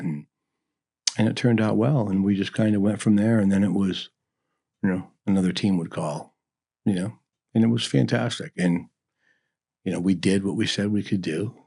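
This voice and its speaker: The voice sits on the low side and is a little mellow. It belongs to a middle-aged barbecue restaurant owner who, as a guest in an easygoing interview, tells wandering, folksy stories with frequent "you know."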